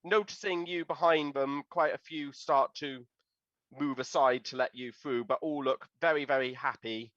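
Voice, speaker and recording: A man narrating as game master of a tabletop game, describing scenes with the odd pause to find a word. His voice sits at a middle pitch and sounds dry and close. The recording is slightly dull and lo-fi. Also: steady tone, a bit bright, dry recording. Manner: descriptive, with occasional hesitations.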